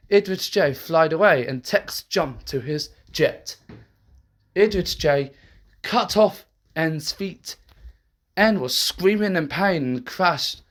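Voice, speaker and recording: A home storyteller reading out a horror fan story at a slow pace, stopping and restarting often. The pitch moves a lot from phrase to phrase. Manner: halting, with restarts. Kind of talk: amateur horror story narration.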